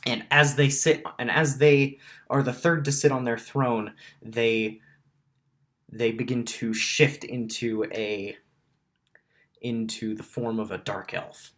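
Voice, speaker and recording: A man narrating a tabletop role-playing game as its dungeon master, in a middle-pitched voice. He speaks slowly and haltingly, with many ums and restarts as he builds the scene. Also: steady tone, fairly bright tone.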